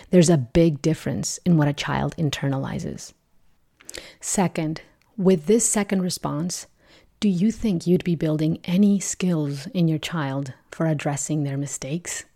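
A woman with a low, mellow voice talks through parenting advice. She speaks calmly and patiently, in a soft, steady tone. Her manner is that of a teacher guiding listeners step by step. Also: a little slow. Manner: gentle, patient and instructive, with shouted example quotes. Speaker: parenting podcast host. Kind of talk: calm explanatory podcast talk.

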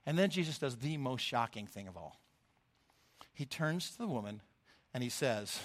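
A middle-aged man giving a sermon as a lay preacher, telling the story in an expressive, animated way. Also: mid-range voice, normal speed, long pauses.

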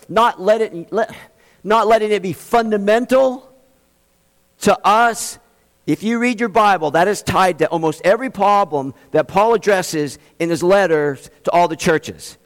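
A man preaching a sermon as a pastor, emphatic, speeding up for asides and slowing to stress key phrases. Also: high voice, big-room sound. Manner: emphatic, shifts between quick asides and slow stressed phrases. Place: church in Austin, Texas.

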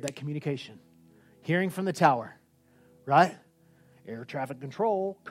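A male preacher with a high voice, delivering an animated sermon. He drops to near-whispers and then climbs to ringing shouts. Soft music plays underneath. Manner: animated, swings from quiet to shouting.

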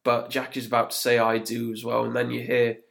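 A man's voice: medium pitch, monotone, brisk, vocal fry, fairly bright tone. Chatty man hosting a podcast. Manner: chatty, laughs often, acts out quotes. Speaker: podcast host. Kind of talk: casual chat recapping an episode.

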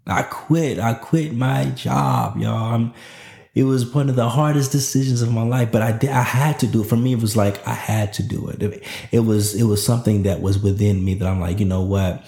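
A man in his thirties hosting a motivational podcast, talking in a lively, preachy way full of slang. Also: mid-range voice, moderate pace, gravelly, echoey room. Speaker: podcast host.

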